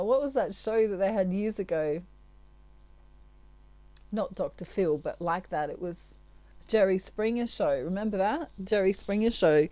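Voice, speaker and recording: Gentle chatty woman giving spiritual advice. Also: medium pitch, no echo. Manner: chatty and gentle, with frequent laughs and asides. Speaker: tarot reader. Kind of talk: spiritual advice monologue to viewers.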